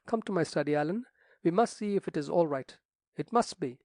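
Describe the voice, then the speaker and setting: A man's voice: on the high side, expressive, a little fast, darkish tone, no echo, clean studio sound. A man voicing a fussy, flustered elderly country rector who exclaims and frets.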